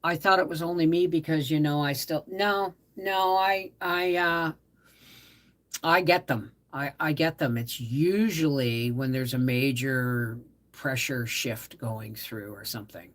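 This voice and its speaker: A middle-aged woman hosting a casual live stream, tired from a migraine, talking softly and trailing off as she greets viewers. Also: low-pitched. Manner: slow, soft-spoken, trailing off, greeting viewers warmly by name. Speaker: livestream host.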